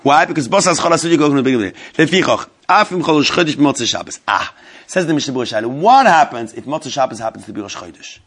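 A man's voice: mid-range voice, expressive, very fast, fairly bright tone, slightly rough. A man teaching a religious law class to a live group, repeating key points and putting questions to his listeners.

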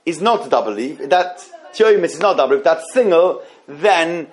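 Leading a text class on halacha with questions, this higher-voiced Torah teacher speaks with lively intonation. He works through the material slowly, with frequent restarts and repeated phrases.

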